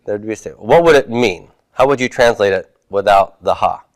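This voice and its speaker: A man's voice: fairly low pitch, a little fast, no echo. A man teaching a Hebrew class, reviewing homework and patiently asking his students questions before answering them himself.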